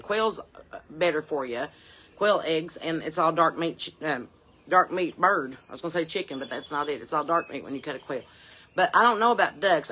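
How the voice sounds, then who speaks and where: A woman chatting casually in a rambling vlog, salty and profane, telling stories in a down-home way and sometimes dropping to a soft murmur. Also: deep voice, slight background noise. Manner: drops to a soft murmur at times. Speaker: touring musician and vlogger.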